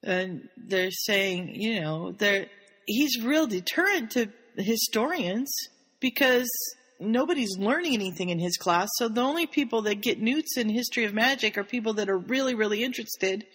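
A woman co-hosting a podcast who retells a story casually and with animation. Her voice sits at a middle pitch. A long reverb trails after her words. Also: lively intonation, normal speed, a bit bright. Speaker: podcast co-host.

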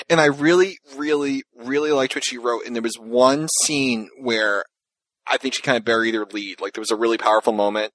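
A man co-hosting a podcast, telling rambling, animated stories in casual chat and acting out what people said. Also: medium pitch, fairly quick, no echo, low-quality recording. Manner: rambling, animated storytelling with voiced quotes. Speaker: podcast co-host.

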